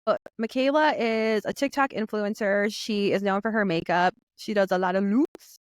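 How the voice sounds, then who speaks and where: A woman's voice: medium pitch, normal speed, no room sound. Chatty agreeable woman co-host. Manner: chatty, laughs easily, agreeable. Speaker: podcast co-host. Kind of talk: casual chat.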